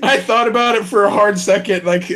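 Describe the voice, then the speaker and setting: Male podcast host, a touch high-pitched, loose and chatty, quick to laugh at himself. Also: fairly even intonation, pushed and bright. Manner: laughs often, self-deprecating. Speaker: podcast host doing live unboxings. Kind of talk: casual chat.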